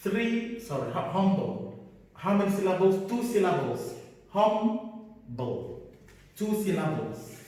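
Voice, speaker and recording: A man teaches grammar in a slow, deliberate way, repeating key words and spelling out letters. His voice is mellow and sits a little high for a man. He sounds far from the mic, in a room with a long echo. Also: big pitch swings. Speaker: English teacher. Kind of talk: classroom grammar lesson.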